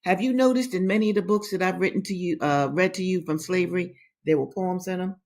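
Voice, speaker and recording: Talking fast in a lowish, somewhat mellow voice, this host reads books aloud to her audience and adds commentary. She repeats phrases to stress them and addresses her listeners directly, calling them brothers and sisters.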